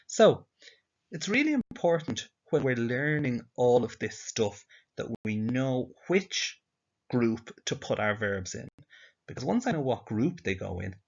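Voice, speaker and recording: A man's voice: lowish voice, creaky. Lo-fi man teaching step by step. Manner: patient, asks and answers his own questions. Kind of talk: recorded slideshow lesson.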